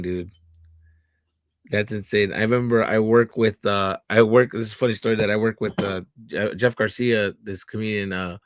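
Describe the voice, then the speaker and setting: A man, a comedian guest, telling stories in an animated, profane way with many fillers. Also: on the low side, no room sound. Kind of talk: casual interview chat.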